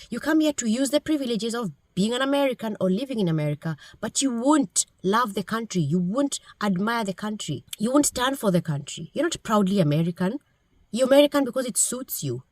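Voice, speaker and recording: A woman's voice: a little high, darkish tone, dry recording. Blunt woman lecturing on camera. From Kenya. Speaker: political commentator. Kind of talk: direct-to-camera commentary.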